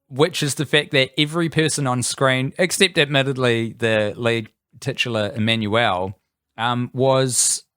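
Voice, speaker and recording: A man's voice: mid-range voice, a bit bright, no echo, clean studio sound. A man co-hosting a comedy podcast in casual chat, playful and mock-formal, laughing often. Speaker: podcast co-host.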